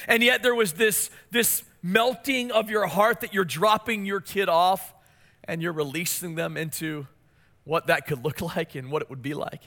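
A male pastor in his forties preaches with a high, bright, ringing voice. He tells family stories in an animated way and turns to his listeners with questions. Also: moderate pace. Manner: storytelling, animated, asks the congregation questions. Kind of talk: sermon.

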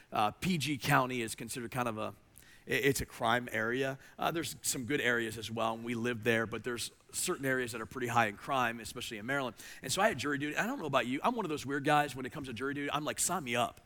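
A man preaching a sermon, animated, climbing to emphatic peaks and then dropping low. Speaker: pastor. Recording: reverberant hall.

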